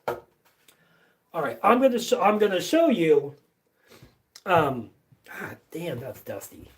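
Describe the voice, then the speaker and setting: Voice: medium pitch, very animated, slow pace, far from the mic. A live-stream host chatting casually from a basement workshop, rambling with lots of fillers and restarts and swearing offhandedly. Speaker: livestream host.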